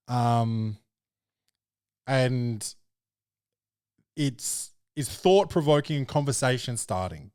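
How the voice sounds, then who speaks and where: A man's voice: medium pitch, a little mellow, smooth, dry recording, clean studio sound. A young man, a podcast host and comedian, chatting casually in a loose, slangy, jokey way.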